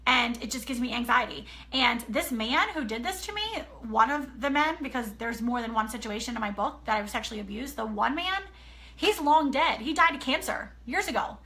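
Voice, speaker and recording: A woman in her thirties, an author telling a personal story in an earnest, animated way, often checking in with her listeners. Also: a little high, fairly quick. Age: 30s. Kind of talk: casual personal talk.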